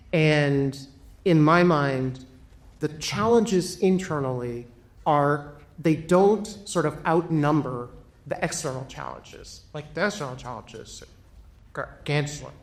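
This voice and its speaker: A man giving a reflective, earnest talk as a panel speaker, pausing on fillers. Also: fairly high pitch. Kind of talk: public talk. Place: packed room.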